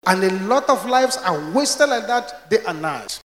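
A male preacher tells his stories with emphatic, storytelling force. His voice sits high for a man. It echoes around a large reverberant hall. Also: lively intonation, a little slow. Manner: storytelling, emphatic, rising to shouts. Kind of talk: sermon.

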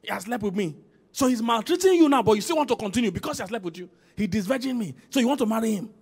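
High-voiced preaching man. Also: very fast, vocal fry, husky. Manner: animated preaching, swings from loud calls to quiet emphasis; asks the congregation for response. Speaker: senior pastor. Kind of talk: sermon. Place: church.

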